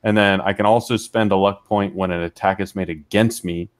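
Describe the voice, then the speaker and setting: Low-voiced man explaining game rules. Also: steady tone. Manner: explains rules plainly, casual and unhurried. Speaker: player. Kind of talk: casual chat at a tabletop game.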